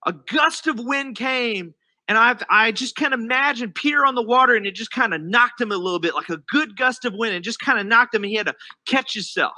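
Bright, animated male preacher. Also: very high voice, fairly quick. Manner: animated, acts out quoted voices. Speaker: pastor. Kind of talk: sermon.

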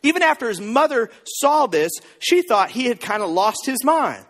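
A man preaching a sermon as pastor, telling the story in an animated, joking way. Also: extremely high pitch, normal speed, long reverb tail. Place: church.

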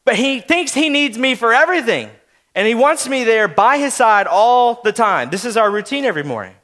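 A man's voice: very high-pitched, big pitch swings, a little fast, bright, forceful tone. A man in his thirties preaching a sermon, telling family stories in a casual, conversational way and speaking straight to his listeners. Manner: storytelling, conversational, speaks to the audience. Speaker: pastor.

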